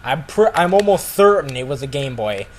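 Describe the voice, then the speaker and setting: A man's voice: mid-range voice, big pitch swings, normal speed, a little hiss or hum, rough recording. A man casually telling a story to friends, rambling with lots of "like" and restarts.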